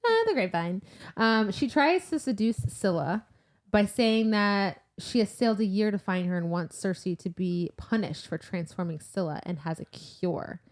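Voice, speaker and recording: A woman's voice: medium pitch, expressive, normal speed. A young woman co-hosting a casual book-club podcast, retelling the plot in a chatty way with lots of "like". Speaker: podcast co-host.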